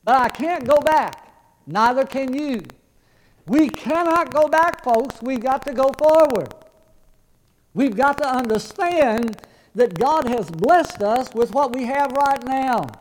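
A man's voice: very high-pitched, lively intonation, slow, low-quality recording. A man preaching a sermon as pastor, earnest and conversational, often restarting his words.

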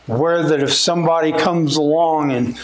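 Man, preacher, sermon, high voice, folksy, lifts his voice on scripture quotes, echoey room. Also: moderate pace.

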